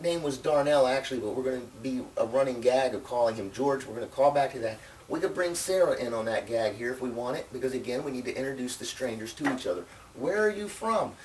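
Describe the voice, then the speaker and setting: A man's voice: mid-range voice, recorded from a distance, poor audio. A man who works as a street magician, explaining his methods and doing joking showman patter for a crowd outdoors. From United States. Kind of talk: teaching commentary and live street show patter. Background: crowd and outdoor noise.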